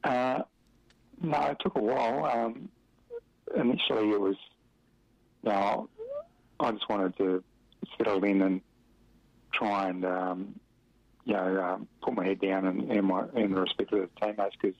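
A middle-aged Australian man with a very low, gravelly voice reminisces about his football days. He rambles along with fillers and small laughs. The audio is dry and dull, like an old lo-fi radio recording. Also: fairly even intonation, a little slow, long pauses, no echo. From Western Australia. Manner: rambling, chuckling, many fillers. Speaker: interviewee, former footballer. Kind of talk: relaxed storytelling in an interview.

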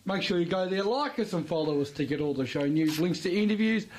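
An Australian man hosting sports radio, chatting casually with restarts and fillers, his voice a little croaky. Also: sits high, animated, quick pace, slight background noise.

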